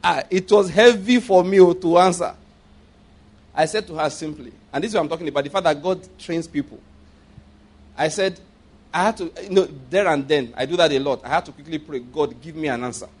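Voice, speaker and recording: A man with a somewhat high voice preaching a sermon built around a personal story. He circles back over his own phrases, breaks into laughter partway through sentences, and keeps checking in with the listeners through rhetorical questions. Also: a little fast. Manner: repeats phrases, laughs often while speaking; asks the audience rhetorical questions.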